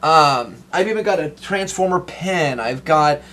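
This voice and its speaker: A young man talking in a casual interview, excitable and rambling, with lots of restarts. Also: a little high, measured pace. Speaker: interviewee, toy collector.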